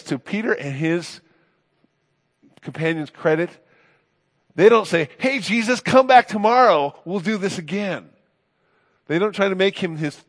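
A man preaching a sermon as a pastor, earnest and emphatic, his phrases often rising and then trailing off softly. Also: medium pitch, big-room sound.

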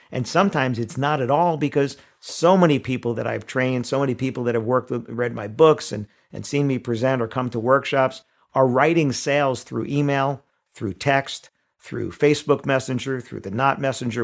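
A man at a mid-range pitch teaches wedding vendors how to reply to inquiries. He talks in a conversational way, walking through everyday examples and little asides as he explains each point. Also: gravelly. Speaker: wedding sales trainer. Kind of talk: instructional talk.

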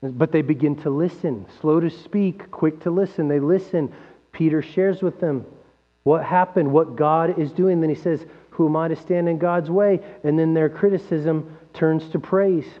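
A man with a high voice preaches a sermon, lively and full of rhetorical questions. His voice rings through a large hall with a long reverb. The recording sounds dull and lo-fi, with a faint mains hum underneath. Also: normal speed. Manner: animated, acts out quoted voices, rhetorical questions. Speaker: pastor.

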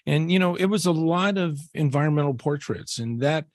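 A man co-hosting a podcast, speaking in relaxed, halting casual conversation with many fillers. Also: on the high side, no echo, studio quality. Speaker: podcast co-host.

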